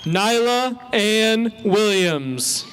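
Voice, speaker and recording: Male ceremony announcer, high voice, very slow, careful reading of each name. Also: lively intonation, crowd noise, noisy background.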